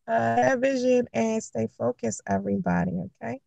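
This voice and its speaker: A young woman telling a dating story to camera in a blunt, profane, animated way, acting out the quotes. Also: fairly high pitch, moderate pace, creaky, dry recording, lo-fi sound. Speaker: vlogger giving dating advice.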